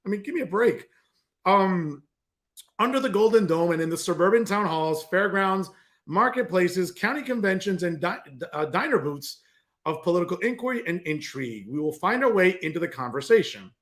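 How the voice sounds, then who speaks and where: A man with a New Jersey accent hosts a political commentary show. He rants with open sarcasm and scoffing disbelief. His voice sits high for a man and swings widely in pitch. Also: expressive, normal speed, fairly bright tone.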